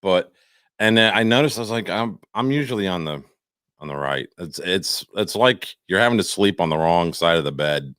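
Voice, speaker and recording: A man's voice: low voice, animated, normal speed, a bit bright, clean tone, no echo, clean studio sound. An older man co-hosting a podcast, rambling and self-mocking in casual chat. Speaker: podcast co-host.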